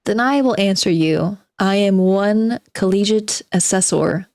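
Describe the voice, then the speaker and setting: A woman's voice: medium pitch, unhurried, dry recording, studio quality, natural voice. A woman reading aloud as a spiteful, bitter forty-year-old male recluse who sardonically lectures his listeners. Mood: sardonic. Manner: sardonic, self-mocking monologue addressed to "gentlemen".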